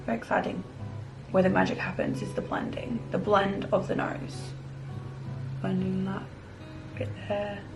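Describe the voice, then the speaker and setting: Bubbly woman with a gravelly edge. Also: medium pitch, little pitch movement, measured pace, pauses often, over music, poor audio. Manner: bubbly and chatty, fond of the word little. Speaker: makeup vlogger. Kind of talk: casual tutorial chat. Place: her bedroom.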